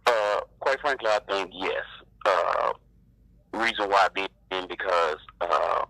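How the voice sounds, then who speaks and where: A man calling in to a live show, talking in a halting way with many fillers. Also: low-pitched, dry recording. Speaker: caller. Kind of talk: casual phone-in chat. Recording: dry, bright phone line.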